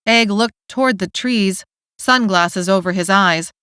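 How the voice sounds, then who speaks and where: A woman narrating an audiobook in a steady, clear storytelling manner, recorded on a studio mic. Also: medium pitch, measured pace, no echo. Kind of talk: scripted narration.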